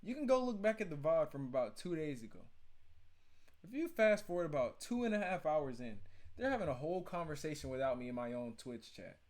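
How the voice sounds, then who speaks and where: Man streamer, mocking banter with chat, higher register, casual livestream host. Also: sing-song, fairly quick. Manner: loud, joking, mocking slang banter.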